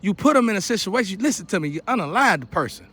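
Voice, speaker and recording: A man with a high-pitched voice speaks to the camera outdoors in a preachy, repetitive way. His monologue keeps building toward an urgent outcry. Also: sing-song, quick pace, a bit bright, breathy edge. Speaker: vlogger. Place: outdoors near a porch.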